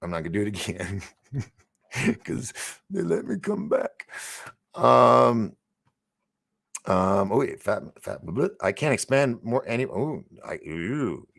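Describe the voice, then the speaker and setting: A man's voice: lowish voice, big pitch swings, takes it slowly, creaky, long pauses, fairly bright tone, dry recording, studio quality. A man hosting a casual livestream, reading viewer comments aloud and rambling, often trailing off and restarting. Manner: laughs and gasps between remarks. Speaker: livestream host.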